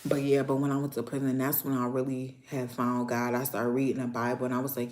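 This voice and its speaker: A woman from Niagara Falls with a New York accent, hosting a casual livestream chat and talking to viewers in loud, playful street slang, swearing freely. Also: very deep voice, fairly even intonation, a little fast, few pauses. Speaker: livestream host.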